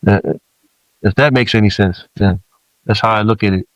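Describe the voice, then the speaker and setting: Earnest low-voiced man, from Samoa. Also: normal speed, no room sound, poor audio. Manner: reflective, earnest, with frequent restarts. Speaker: podcast guest. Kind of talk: candid podcast conversation.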